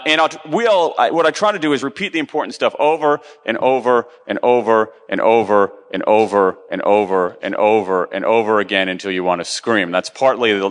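A man's voice: lowish voice, a bit bright, in a large hall. A middle-aged man giving a chatty, self-deprecating live conference talk, with many ums and restarts. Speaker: conference speaker.

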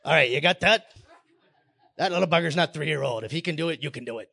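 Guy on stage doing a goofy pirate warm-up with the crowd, kinda raspy fry in his voice. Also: a little high, quick pace. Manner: hammy pirate-voice delivery, coaxing the crowd. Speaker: conference speaker. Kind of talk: playful live talk with audience warm-ups. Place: stage before a live audience.

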